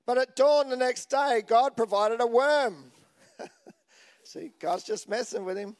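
A man's voice: extremely high pitch, slow. A man preaching a sermon in a chatty, joking way, asking the congregation questions as he goes. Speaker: pastor.

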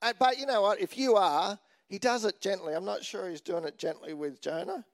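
A man's voice: high-pitched, brisk. A man preaching a sermon in a chatty, joking way, asking the congregation questions as he goes. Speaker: pastor.

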